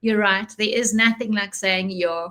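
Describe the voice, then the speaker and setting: A woman's voice: fairly high pitch, unhurried, a bit bright, slight background noise. A South African woman in her forties with an Afrikaans first language, talking as a guest in a casual interview, reflective and laughing often. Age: 40s.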